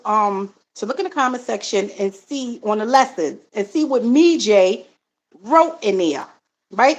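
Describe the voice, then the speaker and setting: On a casual live stream, a middle-aged woman with a somewhat high voice chats loosely, reading viewers' comments aloud and answering them. She calls her viewers family and fills pauses with frequent "um" and "mm-hmm." The audio is poor; she's a live-stream host and card reader.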